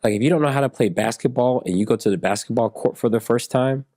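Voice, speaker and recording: A man's voice: medium pitch, fast talker, dark tone, dry recording, clean studio sound. A man in his forties, a podcast guest telling stories and acting out the dialogue in them. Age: 40s. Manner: storyteller who acts out dialogue. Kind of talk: podcast conversation.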